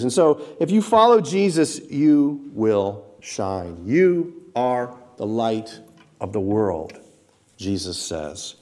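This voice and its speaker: Slow, emphatic male preacher. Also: mid-range voice. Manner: emphatic preaching, building to loud repeated stresses; addresses congregation directly, asks rhetorical questions. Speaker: pastor. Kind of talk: sermon.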